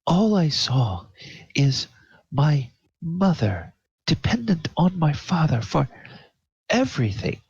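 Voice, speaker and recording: A man voicing a resentful young townsperson, speaking in a hushed, halting way. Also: very animated, vocal fry, husky, no echo, heavily acted. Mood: bitter, hushed. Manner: hushed, halting, rising pitch. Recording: dull lo-fi audio.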